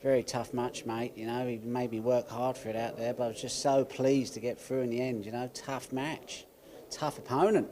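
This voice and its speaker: A snooker player voicing a cheery Australian bloke in a put-on Australian accent who keeps saying mate. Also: male voice, mid-range voice, fairly even intonation, normal speed, dark tone, natural voice. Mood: breezy. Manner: breezy, says mate a lot. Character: cheery male Aussie bloke.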